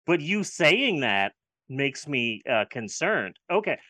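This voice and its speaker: A man's voice: mid-range voice, very animated, slow pace, sharp tone, dry recording. A man co-hosting a casual film review chat, sarcastic and swearing freely. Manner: sarcastic, profane. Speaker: podcast co-host reviewing films.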